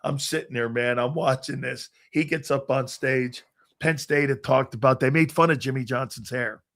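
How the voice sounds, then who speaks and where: A middle-aged man hosting a sports talk show, telling a profane, animated story and acting out the other voices. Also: mid-range voice, moderate pace, gravelly. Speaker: sports talk radio host.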